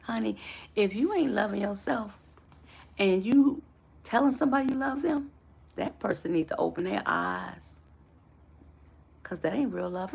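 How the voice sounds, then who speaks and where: A woman's voice: lowish voice, gravelly, slight background noise. A woman life coach giving a motivational live talk to her viewers, affectionate and preacher-like in her encouragement.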